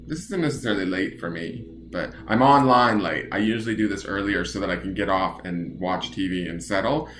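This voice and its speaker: A man's voice: low voice, fairly quick, few pauses, a bit bright, reverberant, slight background noise. A man doing a casual charm-reading livestream from his home desk, chatting playfully and greeting viewers by name. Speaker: tarot and charm reader. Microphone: phone or webcam on desk.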